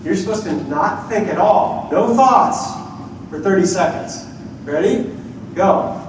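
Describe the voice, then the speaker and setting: A man as a culture change consultant giving a conference workshop talk to a live audience, animated, acting out the voices he quotes. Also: high-pitched, unhurried, background noise.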